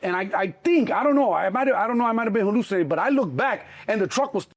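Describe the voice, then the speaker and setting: Husky-voiced man telling a wild story. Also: sits high, racing. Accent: Chicago. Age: middle-aged. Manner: animated, acts out voices, swears freely. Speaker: interview guest. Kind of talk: casual storytelling.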